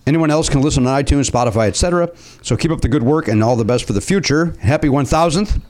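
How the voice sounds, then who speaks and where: A man's voice: on the high side, fast talker, darkish tone. A man hosting a comedy podcast, joking and ranting in mock outrage. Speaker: podcast host.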